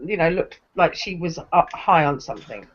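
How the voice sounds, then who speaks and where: A woman's voice: lowish voice, lively intonation, normal speed, husky. A woman hosting a casual livestream chat, chatty, laughing often and restarting her sentences. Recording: dull lo-fi stream audio.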